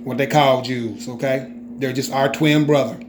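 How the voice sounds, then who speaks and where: A man's voice: medium pitch, fairly even intonation, normal speed, background noise. A man giving an informal scripture teaching in an emphatic way, often checking in with the listener. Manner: emphatic, keeps checking in with "okay?". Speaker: religious teacher.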